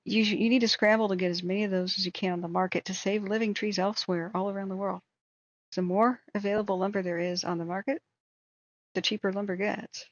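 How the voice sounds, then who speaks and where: A hoarse woman hosting a wildfire tracking livestream, ranting in angry, exasperated commentary. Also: medium pitch, fairly even intonation, fast, no room sound, highs cut off.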